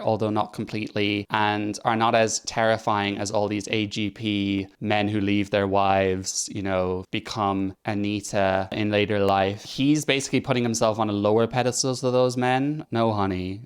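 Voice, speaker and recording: A man with a lowish, smooth voice comments on clips in his vlog. He is chatty, sarcastic and mocking as he reacts. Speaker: host.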